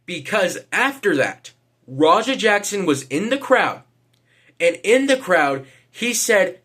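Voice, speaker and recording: A man's voice: high voice, very animated, measured pace, fairly bright tone. Hesitant man giving casual vlog commentary. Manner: hesitant, lots of fillers, casual swearing. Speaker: vlogger.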